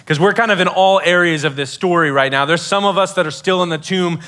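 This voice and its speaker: A man delivers a youth sermon in a loose, conversational way, peppering it with fillers and acting out quotes. His voice sits high and sounds bright. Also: brisk. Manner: casual, filler-heavy preaching with acted quotes. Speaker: youth pastor.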